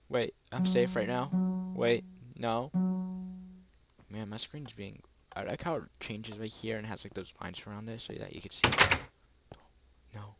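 A young man, maybe a teenager, giving chatty, rambling gameplay commentary to his viewers, with excited yelps and pleading during close calls. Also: fairly low pitch, unhurried, music in the background. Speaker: gaming YouTuber.

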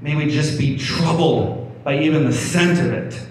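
A man's voice: fairly high pitch, unhurried, darkish tone. Man preaching in an echoey hall. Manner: conversational preaching with frequent restarts and repeated words. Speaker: pastor. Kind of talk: sermon reading and explaining scripture. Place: church hall. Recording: echoey room, mic at a distance, faint background hum.

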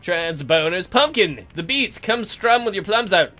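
A man's voice: sits high, expressive, unhurried, sharp tone. A man hosting a let's play, giving casual, jokey commentary and reacting aloud to the game.

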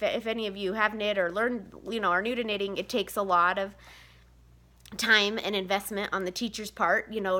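A woman's voice: medium pitch, pushed and bright. A woman in her thirties talking candidly to camera about mom guilt, rambling with many fillers. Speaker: vlogger, mother of seven. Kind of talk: casual confessional vlog.

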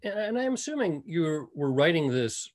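A man hosting an online interview in a relaxed way, reading out questions from the chat. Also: fairly high pitch, normal speed. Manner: relaxed, reads audience questions aloud. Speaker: host.

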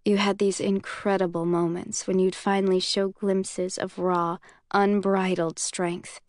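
A cool, self-assured young commander drawls with quiet amusement, as a woman reads him in an audiobook. the voice sits at a middling pitch and the recording is dry and close. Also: level tone, unhurried, dry recording, natural voice. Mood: calm.

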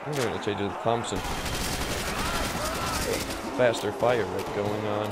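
A man's voice: lowish voice, steady tone, unhurried. A young man from Finland giving rambling, jokey commentary over his game. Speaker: gaming commentator. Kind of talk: casual gameplay commentary. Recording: noisy game audio behind.

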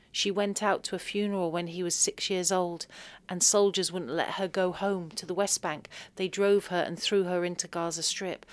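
Emotional woman telling a personal story. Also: fairly low pitch. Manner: emotional, emphatic, rising to outbursts. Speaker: podcast guest.

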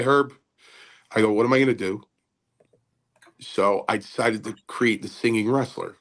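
An older man, a host and former wrestler, talking in a halting, rambling casual way with many fillers and repeats. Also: medium pitch, vocal fry, a bit bright.

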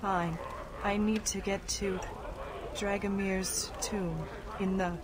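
An actress voicing a strange, distant woman in a game, speaking in terse, halting, clipped phrases. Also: mid-range voice, level tone, over a noisy crowd, close to an everyday voice.

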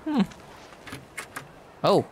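A woman's voice: extremely slow, a little mellow, a little hiss or hum. A woman gaming streamer with an Indonesian accent, nervously swearing through a horror game playthrough. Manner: nervous, swearing, mixing English and slang.

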